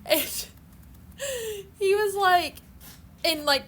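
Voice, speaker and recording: A woman with a high voice leads a math class in a loose, chatty way, dropping "like" into her sentences. A faint hum sits under her voice in the classroom. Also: very slow, a bit bright. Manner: chatty, fillers of "like", laughs often. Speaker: math teacher. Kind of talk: casual classroom talk.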